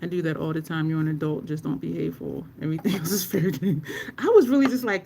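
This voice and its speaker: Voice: mid-range voice, lively intonation, fast talker, gravelly, a little mellow, slight background noise. A makeup livestream host chatting casually with viewers while applying makeup, laughing often and cursing now and then in conversation.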